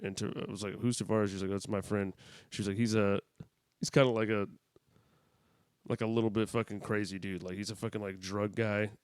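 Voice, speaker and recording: A man's voice: lowish voice, flat delivery, brisk, darkish tone, smooth, dry recording, clean studio sound. A man co-hosting a casual podcast, telling a loose, profane story full of laughs and swearing. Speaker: podcast co-host. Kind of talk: casual chat.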